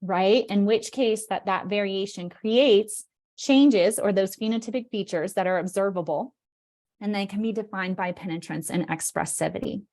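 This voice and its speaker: A woman's voice: mid-range voice, moderate pace, a little mellow. A woman giving an online presentation over a video call, explaining with energy and often checking in with "right?".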